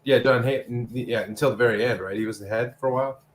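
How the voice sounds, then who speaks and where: A man's voice: mid-range voice, fairly even intonation, fast talker, slight background noise. A man from Arizona chatting as co-host on a casual podcast, rambling and easygoing. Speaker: co-host sculptor.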